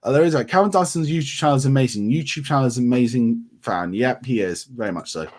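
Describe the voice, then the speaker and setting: A man's voice: medium pitch, quick pace. A man from England hosting a casual livestream, reading out viewer comments and answering them in a friendly, chatty way with lots of ums. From England, grew up around Milton Keynes. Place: home in North Yorkshire.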